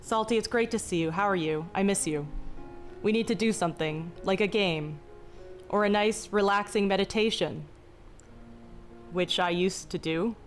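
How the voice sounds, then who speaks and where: A young woman hosts a live stream, talking slowly in a deliberately calm, mock-relaxing voice with a slight vocal fry. Her pitch sits in an ordinary middle range. Soft music plays faintly behind her. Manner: mock-soothing, slow and deliberately calm, jokey. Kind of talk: casual live-stream chat. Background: faint background music.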